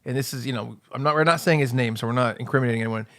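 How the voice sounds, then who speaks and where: A man co-hosting a comedy podcast, telling a story in a casual, animated way and dropping into hushed asides for quoted lines. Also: mid-range voice, racing. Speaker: podcast co-host.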